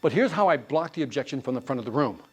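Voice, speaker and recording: A man leading a live sales training class, quizzing the room with quick questions and answers. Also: medium pitch, breathy edge. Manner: animated, quizzing the class with call-and-response questions.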